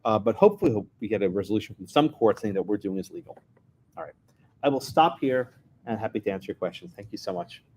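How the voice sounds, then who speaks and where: A man's voice: lowish voice, animated, fast, background noise. A man from New York, a lawyer giving a talk, telling anecdotes with wry asides. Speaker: lawyer and guest speaker. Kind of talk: lecture with storytelling.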